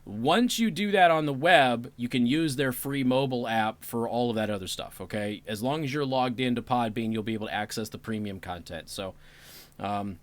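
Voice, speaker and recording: Chatting casually with his listeners, a man hosting a radio talk show speaks at medium pitch and a moderate pace. Politics brings out his sarcasm, along with apologetic asides and bursts of laughter. The format is casual livestream commentary.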